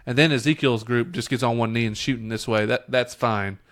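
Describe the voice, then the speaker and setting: A man's voice: mid-range voice, fairly even intonation, brisk, fairly bright tone. A man with an ordinary mid-range voice on a casual podcast. He reviews scenes with some hesitation, trailing off and leaning on fillers. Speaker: podcast co-host. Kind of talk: casual chat reviewing a TV episode.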